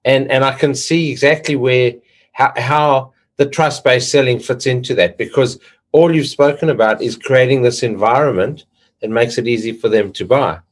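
A man's voice: mid-range voice, moderate pace. A man hosting an interview, who often restarts and repeats words as he shapes his questions. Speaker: podcast host. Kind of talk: interview chat.

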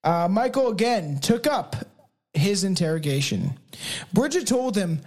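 A man's voice: high-pitched, big pitch swings, measured pace. A Canadian man chats casually as a podcast co-host while telling a story. He swears freely and keeps breaking into laughter. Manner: laughs often, swears, jokey.

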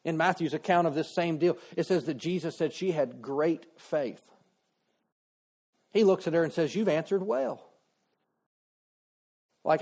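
A man's voice: fairly high pitch, animated, moderate pace, pauses often, darkish tone. A man preaching a sermon in a conversational way, acting out quoted voices as he retells a story. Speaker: pastor.

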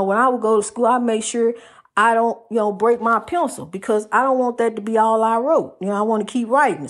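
Woman preaching love, calling you honey. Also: on the high side. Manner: rhythmic, repeats phrases, calls listener honey; lively, swings between loud and soft. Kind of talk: preachy casual monologue.

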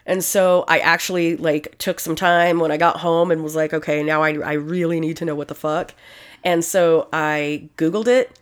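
Low-voiced woman telling crude stories. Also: fairly even intonation, normal speed. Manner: blunt, profane storytelling with frequent laughs. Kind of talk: casual crude chat.

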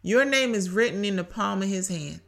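Bright-voiced woman preaching casually. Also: mid-range voice, animated, moderate pace, vocal fry. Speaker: podcast host. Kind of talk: faith-based solo podcast talk. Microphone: home podcast mic.

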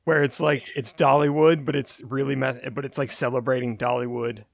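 A man's voice: mid-range voice, steady tone, moderate pace, vocal fry, no room sound, clean studio sound. A man co-hosting a casual podcast, giving rambling, hedged explanations full of fillers. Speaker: podcast co-host. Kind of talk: casual conversational chat.

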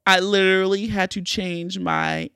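A woman hosting a podcast, telling a personal story in a candid, animated way with plenty of swearing. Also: mid-range voice, a little slow, gravelly, clean tone, dry recording, clean studio sound. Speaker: podcast host. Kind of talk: casual storytelling.

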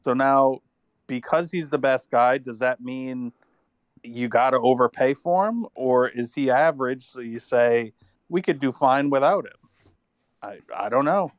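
A man's voice: mid-range voice, a little slow, no room sound. Tired man rambling about football. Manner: rambling, thinks aloud with restarts. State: recovering from illness, tired. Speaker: podcast co-host. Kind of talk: casual sports chat.

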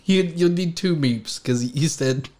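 A man who is a guest on a podcast, bantering in a joking, animated way during casual chat. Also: on the high side, measured pace.

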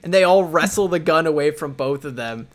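A man co-hosting a podcast, casually recapping a movie and reacting with lively, animated retellings. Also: on the high side, brisk. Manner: animated, reacts with exaggerated voices of characters. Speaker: podcast co-host.

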